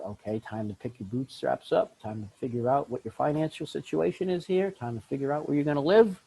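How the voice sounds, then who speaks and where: A middle-aged man talking candidly as a podcast guest, blunt and animated, laughing often and acting out little scenes. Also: mid-range voice, breathy edge, poor audio. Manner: animated, blunt, laughs often, acts out voices in his stories. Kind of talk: candid conversational self-help talk.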